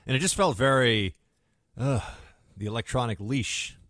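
A man's voice: mid-range voice, normal speed, fairly bright tone, no echo, studio quality. A man hosting a talk radio show, rambling through sarcastic asides in a casual monologue.

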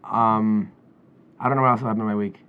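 A young man co-hosting a podcast in casual chat, jokey and loud. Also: fairly low pitch, fairly even intonation, brisk, clear, resonant tone, phone-quality sound. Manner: jokey, loud, talks over others. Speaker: podcast co-host.

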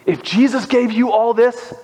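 A man's voice: very high voice, unhurried, a little mellow. Emphatic preacher man in an echoing hall. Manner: emphatic, repeats key phrases. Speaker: pastor. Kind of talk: sermon. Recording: long reverb of a hall.

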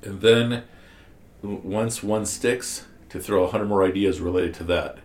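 A man's lowish, slightly mellow voice moves at a measured pace through a roomy-sounding classroom. Commenting on scripture, he explains ideas step by step, asks his class questions, and often restarts.

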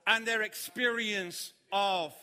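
A man preaching a sermon, telling a funny story and acting out the panic of others in shouts. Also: high voice, fairly even intonation, slow. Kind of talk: sermon with humorous anecdote. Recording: hall reverb.

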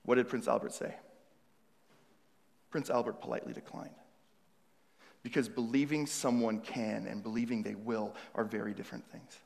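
A male pastor preaching, moving between hushed, searching questions to the congregation and loud, emphatic passages. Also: medium pitch, fairly even intonation, moderate pace, gravelly, long pauses. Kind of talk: sermon. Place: church hall. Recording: long reverb of a large hall.

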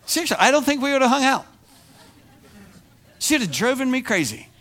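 A middle-aged man preaching a sermon as pastor, animated and self-deprecating, moving from quiet confession to near shouting. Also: very high voice, normal speed.

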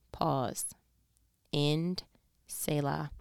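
Smooth-voiced New woman teaching scripture. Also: medium pitch, moderate pace, dry recording, clean studio sound. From New York. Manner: conversational and playfully scolding, addressing listeners directly. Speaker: Bible teacher. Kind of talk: casual scripture commentary.

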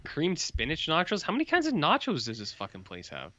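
A man co-hosting a podcast in casual chat, animated, laughing often and swearing freely. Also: a little high, a little fast, dry recording, muffled recording. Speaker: podcast co-host.

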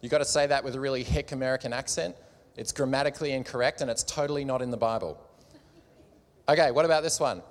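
A man's voice: mid-range voice, quick pace. A man gives a sermon to a live audience in a conversational, joking way, as if chatting with friends. He has a slight cough. His voice carries through a large hall with a long reverb. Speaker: preacher at a church gathering.

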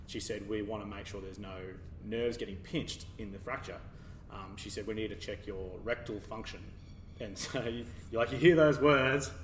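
Man, low voice, animated storyteller, distant mic, echoey room with faint hiss. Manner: animated, laughing while telling a mishap story. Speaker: podcast guest. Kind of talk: casual storytelling. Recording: roomy, distant, faint background noise.

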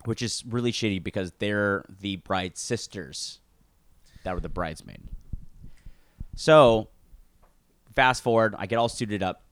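Casual podcast storyteller, man, lower voice, dry close sound, acts out quotes with plenty of swearing. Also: a little slow, pauses often, dry recording. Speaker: podcast co-host.

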